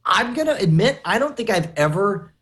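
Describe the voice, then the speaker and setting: A man's voice: sits high, very animated, moderate pace, a bit bright. Chatty American man reading listener mail. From United States. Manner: chatty, self-deprecating, stumbles and restarts. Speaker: podcast co-host.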